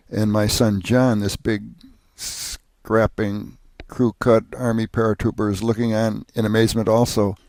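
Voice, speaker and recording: A man's voice: lowish voice, flat delivery, moderate pace, darkish tone, no echo. An older man narrating a personal family history, earnest and plain-spoken, with occasional restarts.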